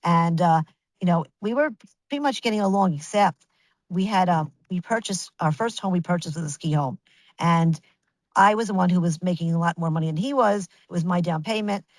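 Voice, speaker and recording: A woman in her fifties telling her story as a guest in an interview, animated and chatty, restarting sentences and acting out what others said. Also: lowish voice, brisk, no echo, rough recording. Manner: animated, chatty, with many restarts and acted-out quotes.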